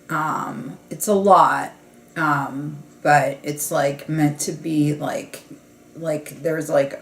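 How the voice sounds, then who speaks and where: A woman comedian talking in a rambling, casual podcast monologue, full of "like" fillers and restarts. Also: low-pitched. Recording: roomy echo.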